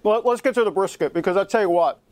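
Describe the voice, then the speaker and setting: A man's voice: sits high, quick pace, darkish tone. A man hosting a broadcast talk show, joking playfully as he hypes each segment.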